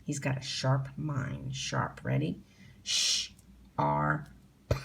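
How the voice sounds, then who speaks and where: Slow, low-voiced woman teacher sounding out letters. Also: gravelly, fairly bright tone, a little hiss or hum. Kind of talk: phonics spelling lesson for young children. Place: home.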